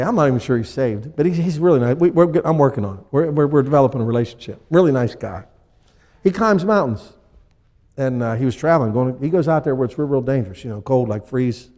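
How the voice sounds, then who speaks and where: A man preaching a sermon as pastor, acting out people in little scenes with lively energy. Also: mid-range voice, big-room sound. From USA.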